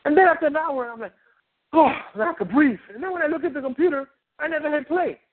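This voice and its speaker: A man coaching on a phone call, animated and rambling, acting out little scenes. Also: extremely high pitch, fast. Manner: animated, rambling, acts out quotes. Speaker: relationship coach. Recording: tinny phone line.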